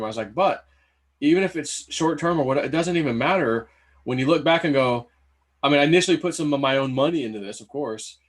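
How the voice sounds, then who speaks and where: A man hosting a casual chat, talking in a relaxed, chatty way and laughing easily. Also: fairly high pitch, fairly quick. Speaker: host.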